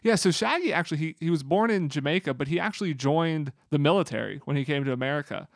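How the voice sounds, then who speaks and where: A man's voice: on the high side, lively intonation, fast, no room sound, studio quality. A man co-hosting a casual podcast chat, talking in enthusiastic, rambling bursts. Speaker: podcast co-host. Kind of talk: casual chat about a musical.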